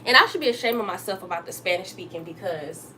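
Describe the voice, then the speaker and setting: A young woman hosting a casual livestream from her kitchen while she cooks, chatting straight to her viewers and jumping up high to greet them. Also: animated, fast talker, bright, forceful tone, a little hiss or hum. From Texas. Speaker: livestream host. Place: home kitchen.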